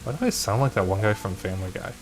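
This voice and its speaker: A man's voice: lowish voice, quick pace, faint music behind. A man streaming a video game, chatting casually in a rambling, offhand way. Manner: rambling, offhand, self-deprecating.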